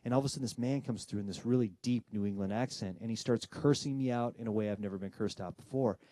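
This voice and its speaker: His voice sits on the low side and the audio has no echo. A man who investigates the paranormal narrates a ghost story from his own life, voicing the people in it with animated drama, pausing for effect and steadily ratcheting up the suspense.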